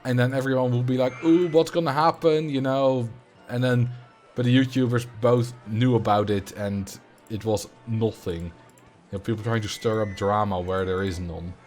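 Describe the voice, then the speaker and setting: A man's voice: lowish voice, level tone, normal speed, a little mellow, faint music behind. A man with a Dutch accent chatting casually as a streamer while playing a game, rambling and answering viewer questions.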